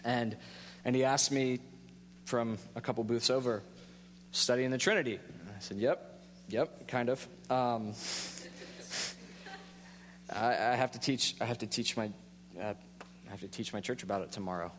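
A man in his thirties, a pastor, preaching a sermon in a relaxed storytelling way with self-deprecating humor. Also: medium pitch, normal speed, long pauses, big-room sound, a little hiss or hum.

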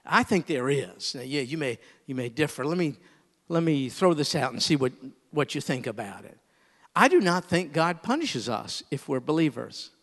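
A middle-aged male pastor preaching in a fairly high voice, shifting between easy storytelling and fervent, emphatic appeals. A long reverb trails his words through the hall. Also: sing-song, normal speed, a bit bright. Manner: storytelling, rising to emphatic pleas. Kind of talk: sermon.

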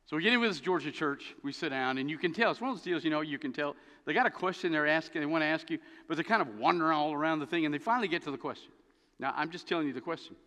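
A man preaching a sermon as pastor, telling stories with an animated, dry humor. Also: on the high side. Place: church sanctuary. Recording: long reverb of a church hall.

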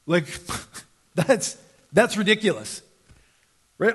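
A man's voice: lively intonation, unhurried, pauses often. A man in his thirties preaching a sermon in a conversational way, acting out the voices he quotes. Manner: conversational, acts out quoted voices with sudden pitch jumps. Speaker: pastor.

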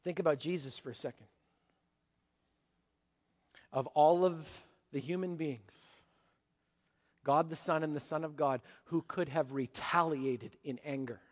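A pastor preaching a sermon, animated, dropping to a hush and rising to a shout. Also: male voice, on the high side, measured pace, long pauses, in a large hall. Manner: animated, swings from hushed to shouting.

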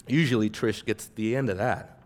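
A man preaching a sermon as pastor, emphatic, building on repeated phrases and swinging from soft to loud. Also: on the low side, normal speed.

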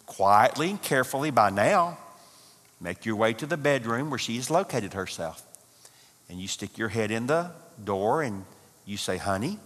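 A man in his sixties addresses a marriage conference in a folksy, humorous manner. He leans on repetition for emphasis, and his voice carries a long reverb from the hall. His pitch sits in an ordinary middle range for a man. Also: a bit bright. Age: 60s. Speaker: seminary professor speaking at a marriage conference. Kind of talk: conference talk to couples.

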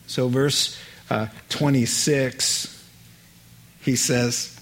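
Earnest, slow-speaking male preacher. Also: mid-range voice, gravelly. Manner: earnest, emphatic, acts out Bible scenes. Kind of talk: sermon.

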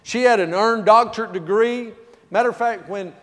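A male pastor preaching in a church, his slightly higher voice carrying a long hall reverb. He tells stories, swinging between loud, stressed lines and quiet, hushed passages. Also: normal speed. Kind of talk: sermon with personal storytelling. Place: church sanctuary.

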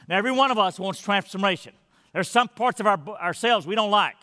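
A man's voice: high voice, a little fast, pushed and bright. A man preaching a sermon as pastor, emphatic and building his points by repetition. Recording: hall reverb.

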